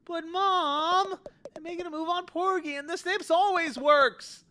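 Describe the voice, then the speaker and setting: A man doing a high, headstrong crab girl. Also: measured pace, bright, forceful tone, exaggerated voice. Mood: pleading. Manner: pleading, insistent.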